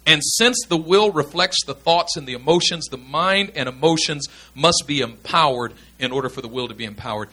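A man's voice: fairly high pitch, brisk, few pauses, pushed and bright, slightly rough. A man teaching in a sermon style, earnest and emphatic, repeating his key points. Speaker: pastor teaching pastors.

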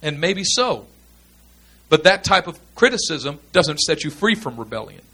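A man's voice: on the high side, big pitch swings, normal speed, sharp tone, breathy edge. A man teaching in a sermon style, earnest and emphatic, repeating his key points. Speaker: pastor teaching pastors.

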